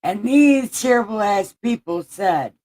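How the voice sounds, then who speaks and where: A woman's voice: mid-range voice, expressive, a little slow, mellow, rough recording. A woman hosting an irreverent comic scripture reading, with profane, giggly asides. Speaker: host.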